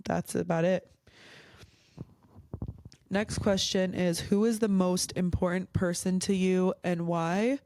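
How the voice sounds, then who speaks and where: A woman's voice: on the low side, fairly even intonation, slow pace, pauses often, mellow, slight background noise. A young woman hosting a casual Q&A vlog, talking in a heartfelt, rambling way while emotional and teary. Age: young adult. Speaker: vlog host.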